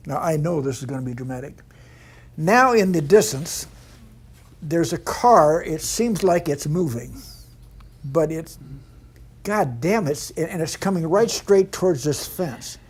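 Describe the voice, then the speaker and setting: An older man, a veteran stunt performer, telling lively anecdotes and acting out other people's lines, with frequent laughter. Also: a little high, measured pace, breathy edge. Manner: animated yarn-spinner, mimics others in quotes, laughs often. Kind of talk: anecdotal storytelling.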